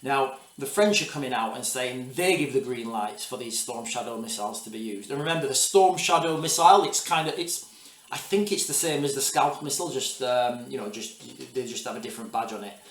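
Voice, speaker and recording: A man's voice: medium pitch, a little fast, fairly bright tone, far from the mic. Man talking news in an echoey room. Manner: rambling, restarts, repeats "guys, all right". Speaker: video host. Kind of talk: casual commentary to camera.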